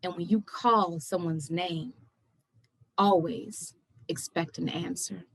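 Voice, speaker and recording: A young woman poet reading her poems aloud at a virtual event, measured and emphatic, pressing hard on the questions. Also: lowish voice, fairly even intonation, vocal fry. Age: young adult. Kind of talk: poetry reading. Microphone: video call.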